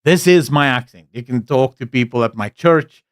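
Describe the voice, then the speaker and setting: A man's voice: mid-range voice, normal speed, no room sound. Blunt man, South African-tinged accent, dry sound. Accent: mixed English accent with South African traces. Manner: blunt, candid, rambling with fillers. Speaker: live-stream host. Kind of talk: live-stream political commentary, reading chat.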